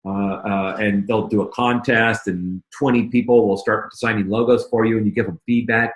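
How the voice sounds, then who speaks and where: A man's voice: medium pitch, fairly even intonation, brisk, few pauses, reverberant, poor audio. A man giving a casual marketing lesson while clicking through his screen, chatty and full of fillers and restarts. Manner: chatty, self-interrupting, many fillers. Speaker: marketing instructor. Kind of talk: casual screen-share teaching.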